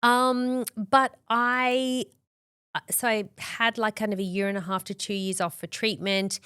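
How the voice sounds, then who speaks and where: A woman's voice: on the high side, unhurried, clean tone, dry recording. Australian woman telling a story, dry sound. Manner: animated, acts out quoted dialogue, frequent "like". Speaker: podcast guest. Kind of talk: candid storytelling interview.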